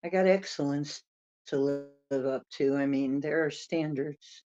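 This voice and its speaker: A woman's voice: deep voice, a little slow, pitched below the performer's own voice. A woman voicing her drowsy, self-important male pet dog, speaking with lazy mock dignity. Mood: smug. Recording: dull lo-fi sound.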